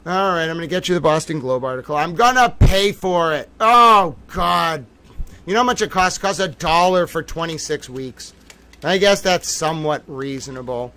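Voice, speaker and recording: A man hosting a livestream, talking in an excitable, theatrical way that swings from low muttering to loud outbursts. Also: brisk. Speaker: livestream host. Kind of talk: livestream commentary.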